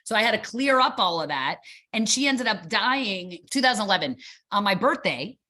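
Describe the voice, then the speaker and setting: Bright-voiced woman telling animated stories. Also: mid-range voice, moderate pace. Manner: animated storyteller acting out dialogue. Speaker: boxing gym owner, guest. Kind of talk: casual interview chat.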